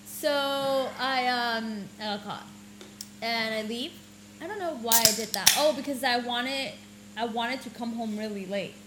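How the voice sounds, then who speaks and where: Woman, casual chat, dry asides, slightly high voice. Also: measured pace, noisy background. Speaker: podcast co-host.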